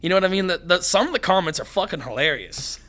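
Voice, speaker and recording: A young man from Canada, a fighter guest on a podcast, talking fast and excitedly and swearing freely. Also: sits high. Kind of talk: casual podcast conversation.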